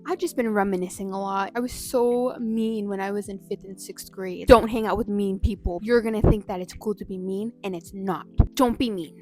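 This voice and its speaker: A woman's voice: medium pitch, fairly even intonation, normal speed, hardly any pauses, darkish tone, soft background music. A woman in her twenties chatting casually at home, telling candid stories full of "like"s. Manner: chatty, candid storytelling with many "like"s. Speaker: vlogger. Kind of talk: casual chat to camera. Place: home, at a coffee station.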